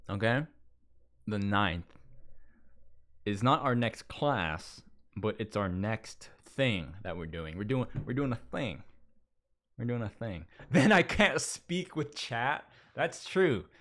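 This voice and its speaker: A man's voice: fairly low pitch, a bit bright. A man from Las Vegas hosting a live stream, chatting casually with viewers, rambling, restarting sentences and reading their messages aloud. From Las Vegas, USA. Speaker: livestream host. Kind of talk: casual chat with a live audience.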